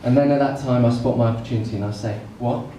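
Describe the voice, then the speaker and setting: A man doing a stand-up comedy set on a club stage, telling a story with comic pauses. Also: medium pitch, fairly even intonation. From England. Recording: echoey room, mic far off, noisy.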